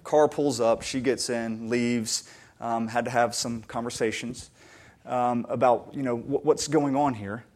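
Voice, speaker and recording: The pastor's sermon is earnest and conversational, delivered unhurriedly in a steady, medium-pitched voice. He frequently restarts sentences and climbs to emphatic, louder peaks.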